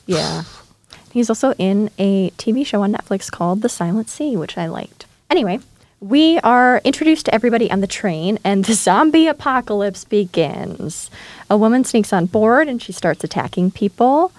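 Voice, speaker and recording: A woman co-hosting a podcast about horror films, chatting casually and briskly summarizing the story. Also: medium pitch, lively intonation, a little mellow, no room sound. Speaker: podcast co-host. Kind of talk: casual chat.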